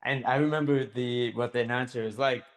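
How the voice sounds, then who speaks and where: A man's voice: medium pitch, steady tone, brisk. A man co-hosting a podcast in casual chat, carefully recalling details as he talks. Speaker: podcast co-host.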